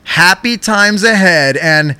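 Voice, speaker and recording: Excitable young man with a bright voice. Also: sits high, slow pace, clean tone, no echo. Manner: excitable, profane, animated storyteller. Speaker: podcast host. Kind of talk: casual storytelling chat.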